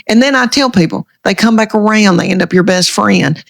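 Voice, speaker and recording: A woman's voice: medium pitch, fairly quick, gravelly, dry recording. A middle-aged woman with a Southern US accent, telling folksy, self-deprecating stories in an interview. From Southern United States. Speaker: comedian guest. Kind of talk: conversational storytelling interview.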